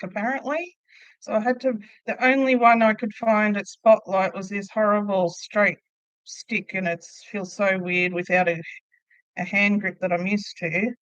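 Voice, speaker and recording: A woman's voice: mid-range voice, fairly bright tone, no echo, muffled recording. A middle-aged woman hosting a casual crochet livestream from home. She chats easily, laughs often and answers viewer comments aloud as she works. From Australia. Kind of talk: casual live chat while crocheting.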